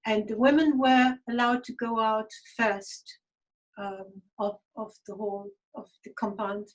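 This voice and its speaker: A woman giving a halting, reflective personal spiritual testimony, audibly emotional. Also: a little high, level tone, poor audio. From Germany. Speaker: guest speaker.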